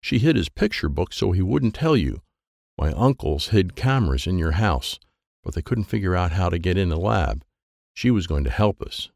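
A man's voice: low voice, big pitch swings, normal speed, vocal fry, a little mellow, no echo, clean studio sound, heavily acted. A man reading a children's audiobook, voicing a frightened boy who pleads and tattles. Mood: pleading. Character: scared, whiny boy caught out. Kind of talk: audiobook character voice.

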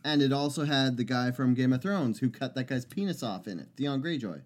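A man's voice: medium pitch, brisk. A man co-hosting a casual podcast, teasing his friend in a wry, offhand way. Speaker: podcast co-host.

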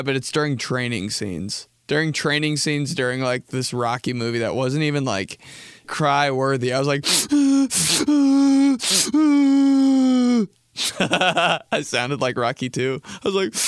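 A man's voice: medium pitch, normal speed, a bit bright, clear, resonant tone, no echo. A young man hosting a podcast, talking through a rambling comedic monologue from a studio, laughing often and calling his listeners dude and bro. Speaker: podcast host.

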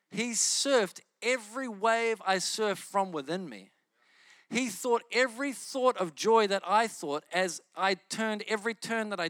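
A man's voice: high voice, a bit bright, dry recording. A man preaching a sermon with fervent, emphatic repetition that builds in intensity.

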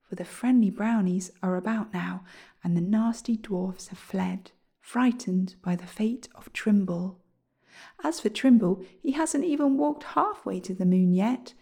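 A woman reading a storybook aloud to children, gentle and soft, often half-whispered. Her voice is mellow and dark with a gravelly creak. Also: medium pitch.

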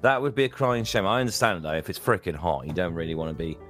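English guy chatting on a podcast, lowish voice, laughs a lot. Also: lively intonation, quick pace, a bit bright, soft background music. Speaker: podcast co-host. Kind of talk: casual chat.

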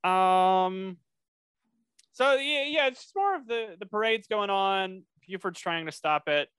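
Podcast co-host, man, slightly high and sharp-toned, chatty, lots of ums and restarts. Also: lively intonation, measured pace, smooth, dry recording. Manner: rambling, many fillers and restarts. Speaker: podcast co-host recapping episodes. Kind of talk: casual podcast chat.

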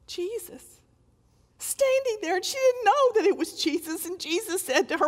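A high-pitched older woman delivers a sermon with dramatic, emphatic storytelling. She swings between ringing exclamations and hushed, intimate moments. Her voice trails off into the long reverb of a large hall. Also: animated, normal speed. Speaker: preacher.

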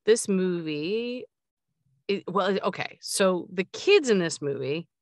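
Low-voiced woman chatting on a podcast. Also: expressive, takes it slowly, no echo. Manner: tangent-prone, trailing off, many fillers. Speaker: podcast co-host. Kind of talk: casual chat.

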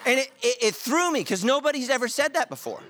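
A man's voice: extremely high pitch, quick pace, crowd noise, background noise. A middle-aged man preaching a sermon as a pastor, telling stories with jokes and acting out quotes. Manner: animated storytelling with jokes and acted-out quotes.

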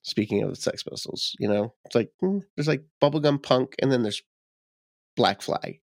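A man in casual podcast chat, animated, stumbling over repeated words and saying "like" and "you know" a lot. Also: medium pitch, normal speed, vocal fry, no echo, studio quality.

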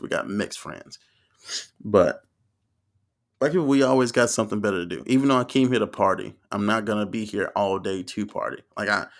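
Low gravelly man telling stories. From Southern United States. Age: around 30. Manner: rambling and profane, laughs often. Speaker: storyteller. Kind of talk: casual comedic storytelling.

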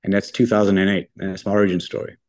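A middle-aged man with a fairly low voice talks as an interview guest. He tells stories briskly and with confidence, in a relaxed and casual way. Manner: confident, brisk anecdotal storytelling. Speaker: guest, wealth firm founder.

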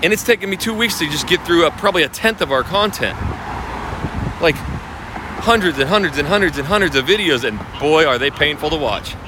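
A man's voice: a little high, animated, fairly quick, noisy background. A man coaching real estate agents on video marketing, talking casually to camera in a blunt, profane, ranting manner.

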